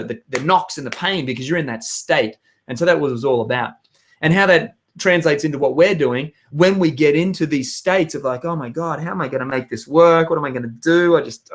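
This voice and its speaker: A hoarse young man giving an energetic motivational talk to his viewers, with emphatic outbursts. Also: mid-range voice. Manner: energetic, emphatic, bursts into loud shouts. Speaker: vlogger.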